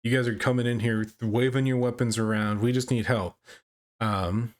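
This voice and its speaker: A man co-hosting a podcast, casually retelling movie scenes with relaxed halting restarts. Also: mid-range voice. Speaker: podcast co-host. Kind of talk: casual movie recap chat.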